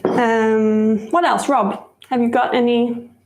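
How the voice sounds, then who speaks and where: Chatty woman with a gravelly voice. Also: a little high, fairly even intonation, slow, roomy sound, background noise. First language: Swedish. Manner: chatty, rambling, laughs often. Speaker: cooking show host. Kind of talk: casual live-stream baking demo.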